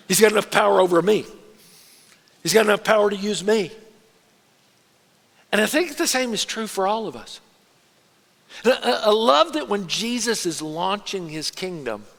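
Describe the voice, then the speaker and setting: A man preaching a sermon in a church in a lively, conversational way, now and then putting on voices. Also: high-pitched, creaky. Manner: animated, conversational preaching with quick put-on voices. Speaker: pastor. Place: church auditorium. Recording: long reverb of a large church hall.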